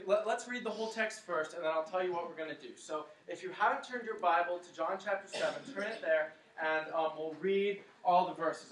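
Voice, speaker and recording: In a church hall, a preacher with a high, slightly bright voice delivers a sermon, dramatizing the story and leading the congregation in a chant. The hall echoes, and the microphone sits far away.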